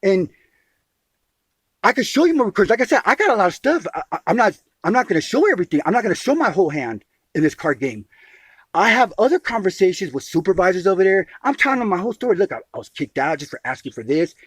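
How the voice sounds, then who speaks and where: Man, emphatic, repeats himself, swinging lively pitch, dry close sound. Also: fast, slightly rough, no echo. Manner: emphatic, repeats words and calls the listener sweetie; restarts phrases often. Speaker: caller telling his grievance.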